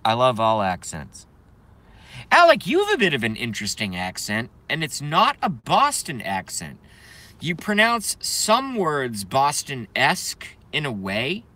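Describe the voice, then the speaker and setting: A man's voice: mid-range voice, huge pitch swings, unhurried, sharp tone. A young man hosting a live stream, chatting casually, joking and reading viewers' comments aloud in a rambling way.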